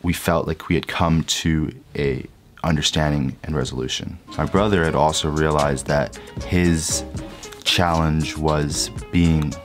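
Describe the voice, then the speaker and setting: A young man casually and candidly recounting a personal story as a vlogger, his voice trailing softer at the ends of sentences. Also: very deep voice, steady tone, measured pace, music in the background. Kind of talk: reflective storytelling.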